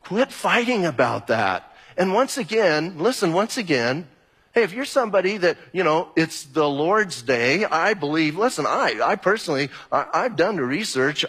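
A male pastor preaching in a relaxed, conversational way and circling back to the same phrases for emphasis. His voice sits a little high and sounds somewhat husky. It rings out with the long reverb of a church hall. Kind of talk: sermon.

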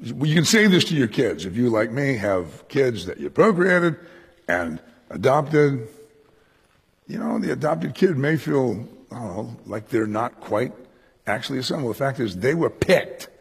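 A man with a raspy, breathy voice preaches a study, his pitch leaping up for emphasis and dropping low for asides. He talks to the congregation directly, checking that they follow. His words ring out with long reverb in a large hall. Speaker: pastor. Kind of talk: verse-by-verse Bible teaching sermon.

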